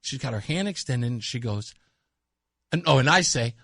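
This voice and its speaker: Bright-voiced male radio talk host. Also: medium pitch, moderate pace, dry recording, studio quality. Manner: animated storytelling, laughs often. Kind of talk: casual on-air banter. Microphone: studio microphone.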